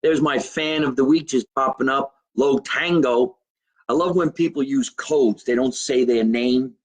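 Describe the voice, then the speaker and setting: Husky-voiced brash comedian. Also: male voice, medium pitch, a little slow, low-quality recording. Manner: brash, rambling, swears freely, shouts out viewers by name. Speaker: comedian hosting his own live show. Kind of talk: loose livestream chat to viewers. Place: home basement.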